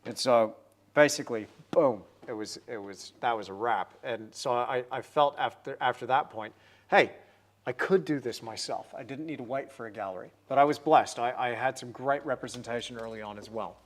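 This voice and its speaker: A man's voice: medium pitch, normal speed. A man in his forties hosting a livestream, painting while chatting upbeat and answering viewer comments.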